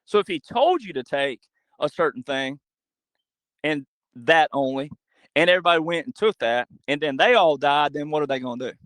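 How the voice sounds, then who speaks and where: A man speaking as a podcast guest in an animated monologue, emphatic and full of rhetorical questions. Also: fairly high pitch, normal speed, dry recording, poor audio. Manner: acts out quoted voices.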